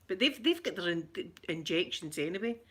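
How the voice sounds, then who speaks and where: Husky, low-ish and sing-song, this middle-aged woman speaks briskly in a fairly bright tone with a Glaswegian accent. A Scottish ASMR livestream host, she chats casually with viewers, often laughing and repeating her phrases.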